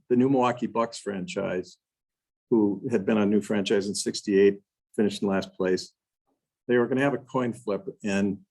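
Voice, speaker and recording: An older man from Wisconsin giving a storytelling talk to a club, animated and full of restarts and asides. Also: on the low side, breathy edge, low-quality recording. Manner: animated storyteller, acts out quotes, frequent "you know" and restarts. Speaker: guest speaker.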